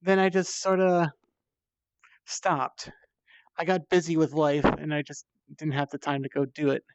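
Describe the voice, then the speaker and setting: A slightly high-voiced man rambles as he climbs in VR, tired and thirsty, chatty and self-deprecating. His headset mic sounds dry and dead, with a dull, lo-fi tone. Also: flat delivery, measured pace, smooth, no room sound. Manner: chatty and self-deprecating, swears when strained. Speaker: VR streamer. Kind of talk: casual rambling while playing.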